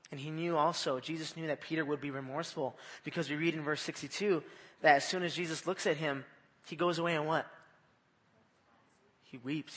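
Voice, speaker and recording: A man's voice: fairly high pitch, fairly bright tone. A man preaching a conversational evening sermon in church, repeating his phrases and putting questions to the listeners. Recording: long reverb of a hall.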